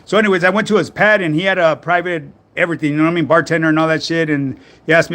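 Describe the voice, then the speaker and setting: A man's voice: a little high, fairly even intonation, rapid-fire, hardly any pauses, fairly bright tone. Slangy laid-back man. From Southern California. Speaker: fitness livestream host. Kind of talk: casual livestream chat answering comments.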